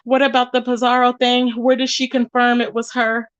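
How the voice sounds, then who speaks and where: High-voiced chatty woman on a livestream. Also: flat delivery, moderate pace, clear, resonant tone, no echo, dull audio. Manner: chatty, greets viewers with pet names. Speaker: livestream host. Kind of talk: casual gossip livestream. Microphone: phone.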